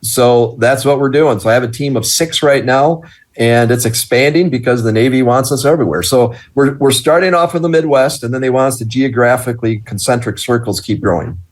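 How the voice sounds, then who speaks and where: A middle-aged man from Wisconsin, a business owner being interviewed, tells his story with energy and acts out each quoted exchange. His voice sits at an ordinary mid pitch. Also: fairly quick. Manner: animated, acts out quoted dialogue. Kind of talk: storytelling in conversation.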